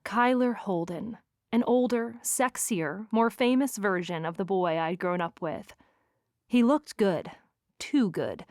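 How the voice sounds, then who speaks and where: A woman reads a first-person romance audiobook with expressive, wry delivery at a middling pitch. The recording is dry and close, with no room around it. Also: takes it slowly, no echo. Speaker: audiobook narrator.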